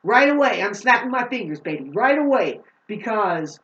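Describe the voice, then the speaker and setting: A woman vlogger rants about astrology in a profane, heated monologue. She jumps from loud outbursts to low, slow explaining. She sounds distant from the mic, with a roomy echo and dull, muffled audio. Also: big pitch swings.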